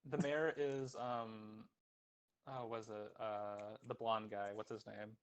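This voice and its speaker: A man with a gravelly, fry-heavy voice throws out jokes at the table of an online tabletop game. He talks in a loose, rambling way, trailing off and picking back up. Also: lowish voice, level tone, slow pace, rough recording. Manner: jokey, rambling. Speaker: player. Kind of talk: joking table banter.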